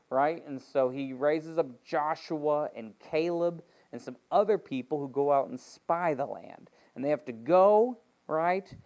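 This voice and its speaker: A man's voice: fairly high pitch, normal speed, hardly any pauses, a little mellow. A man leading a Bible study as pastor, reading scripture and retelling the story in a joking, conversational way with playful asides.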